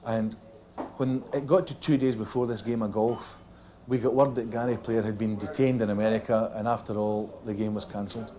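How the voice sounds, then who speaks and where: A man's voice: fairly low pitch, level tone, fairly quick, dark tone. A middle-aged man with a Scottish accent telling a comic story from a rugby tour, acting out the other voices as he goes. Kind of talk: comic after-dinner storytelling.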